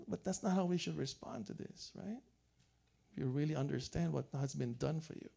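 A man's voice: fairly high pitch, brisk, creaky, mellow, breathy edge. A man preaching a sermon as a pastor, telling family stories in a joking, chuckling way. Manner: joking storyteller, chuckles often.

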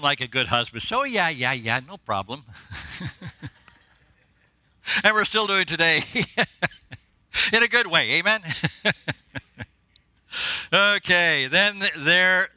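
Guest preacher, male, bright and a touch high, excitable and laughing at his own jokes, dry close sound. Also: unhurried, long pauses, smooth, dry recording. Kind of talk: sermon. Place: church.

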